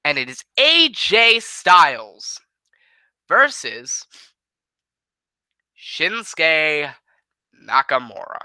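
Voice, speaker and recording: A man with a bright, cutting, fairly high voice runs through imagined wrestling cards in quick, casual play-by-play. The sound is dry and close, with no room around it. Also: wildly swooping pitch, no echo, low-quality recording. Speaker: host. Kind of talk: fantasy booking play-by-play.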